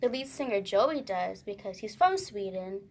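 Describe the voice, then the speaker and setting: A young woman from Delaware telling a story in a rambling, halting way, with many restarts, in a casual group chat. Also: medium pitch, very animated, a little mellow. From Delaware, United States.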